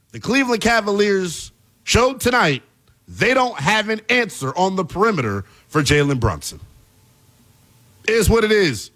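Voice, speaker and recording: A man hosting a basketball talk show, delivering an animated, exasperated commentary rant with plenty of emphasis. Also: sits high, normal speed. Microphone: earpiece in studio.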